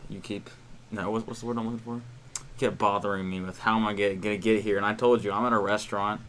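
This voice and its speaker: A tired man in a casual podcast chat who talks quickly and keeps his voice low, mumbling. He sounds defensive as he explains himself to his friends. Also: little pitch movement, a bit bright, slight background noise. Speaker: podcast co-host.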